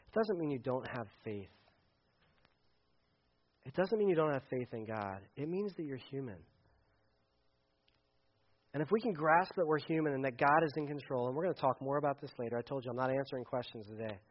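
A man preaching a sermon, animated, acting out quoted voices and swinging between loud and hushed delivery. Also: medium pitch. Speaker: pastor. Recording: dull lo-fi sound.

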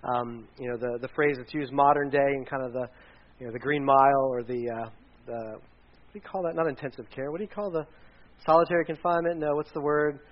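A man's voice: mid-range voice, fairly even intonation, fairly quick. A man, a pastor, giving a casual, conversational sermon, rambling with restarts and side stories. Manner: chatty, rambling with restarts and asides. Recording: dull lo-fi recording.

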